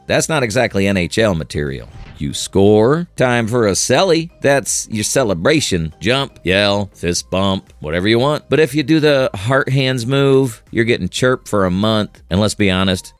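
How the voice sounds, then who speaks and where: A man reads a scripted explainer in a joking, buddy-like manner. His voice sits a bit low, but his pitch swings a lot from phrase to phrase. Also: no room sound. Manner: joking, buddy-style delivery. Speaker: narrator of a hockey channel.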